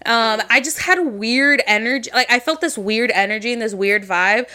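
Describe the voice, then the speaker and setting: A young woman co-hosting a podcast in casual chat, with a bright, forceful voice pitched a little high. She tells stories in an animated way, laughs often and drops Spanish phrases into her English. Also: moderate pace. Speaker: podcast co-host.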